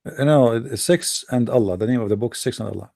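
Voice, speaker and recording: A man's voice: mid-range voice, brisk, vocal fry, warm tone, no echo, clean studio sound. A man hosting a livestream who talks to his audience in a sarcastic, mocking way. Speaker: host.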